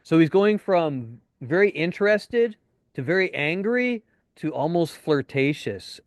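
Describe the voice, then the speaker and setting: A man teaching a casual webinar as a dating coach, chatty and swearing now and then, acting out deadpan lines. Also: on the high side, a little slow, dry recording, studio quality.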